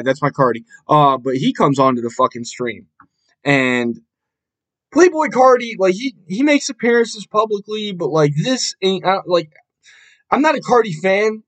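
Young guy ranting on his podcast, kinda high voice, swears a ton, gets shouty. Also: normal speed, poor audio. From Buffalo, New York area. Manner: animated, profane, exasperated, voice jumps up into shouts. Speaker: podcast host. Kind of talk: casual solo podcast rant.

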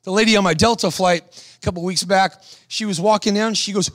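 A man's voice: high-pitched, fairly quick, no room sound. A man preaching a sermon, telling stories with acted-out voices and exhorting the crowd. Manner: animated storytelling, acts out quoted voices.

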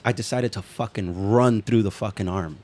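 A podcast co-host with a lowish voice, at normal speed and on a dry recording, tells a wild story in casual chat. He swears and tells it with animation, acting out the quotes.

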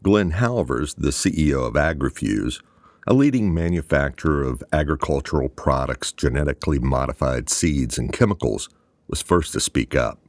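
A man with a strikingly deep, low voice narrating a novel at a measured, even pace. The recording is dry and close, with no room sound. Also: no room sound. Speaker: audiobook narrator. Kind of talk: scripted narration.

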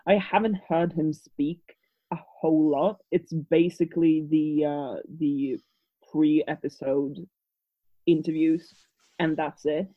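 Woman, European, non-native English speaker, lowish voice, rambling podcast chat, dull lo-fi audio. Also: steady tone, slow pace, slightly rough. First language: not English. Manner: rambling, frequent restarts and fillers. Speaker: podcast co-host.

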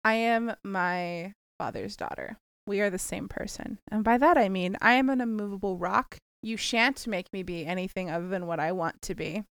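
Bright, crisp, self-assured woman co-host. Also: mid-range voice, moderate pace, hardly any pauses, no room sound. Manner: emphatic, blunt, self-assured. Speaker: podcast co-host. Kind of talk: casual chat.

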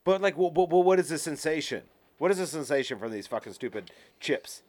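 A man's voice: fairly high pitch, expressive, a little fast, a little mellow. A man co-hosting a podcast in casual chat, feeling nauseous, blunt and profane as he rambles. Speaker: podcast co-host.

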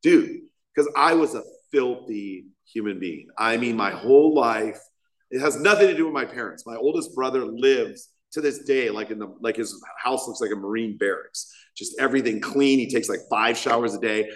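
A man's voice: medium pitch, normal speed. A man in his thirties sharing his recovery story from a podium, rambling and self-mocking, with lots of fillers. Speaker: recovery meeting speaker. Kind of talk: personal story at a recovery meeting. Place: meeting hall. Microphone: podium microphone.

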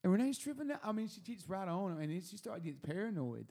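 A man telling a long story at a table in casual chat, animated and laughing often, repeating words as he goes. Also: high voice, fast. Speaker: podcast host telling a story. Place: room at a table.

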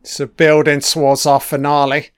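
A man's voice: fairly high pitch, monotone, normal speed, clean tone, no echo, clean studio sound. A man giving a casual, profane commentary on a film, swearing constantly and cheering at the screen.

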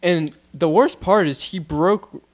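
A man's voice: high voice, slow. A young man co-hosting a podcast, talking in a laid-back, casual way. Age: young adult. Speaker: podcast co-host. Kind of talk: casual chat.

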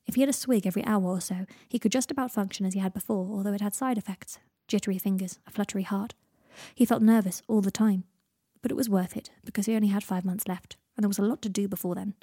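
Brief: female audiobook reader, steady, close dry sound. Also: mid-range voice, fast, slightly rough, dry recording. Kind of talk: fan fiction audiobook narration.

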